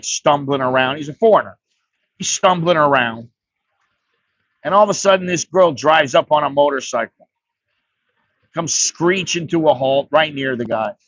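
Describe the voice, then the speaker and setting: A man's voice: on the high side, a bit bright, dry recording, highs cut off. An American man giving blunt, profane, rambling advice on a casual livestream. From United States. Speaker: vlogger.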